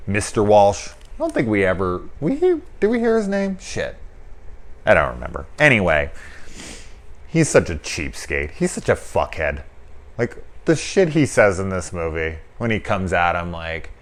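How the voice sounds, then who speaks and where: A man with a fairly low voice rambles through a casual film review. His pitch swings widely as he gets animated, and he swears freely, often dropping into quick put-on voices to act out lines. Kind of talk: casual spoken movie review.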